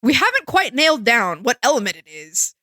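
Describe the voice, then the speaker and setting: A woman voicing a brash, boastful male corporate boss from a game, with a bombastic pitchman delivery. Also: big pitch swings, a little fast, bright, forceful tone, no echo.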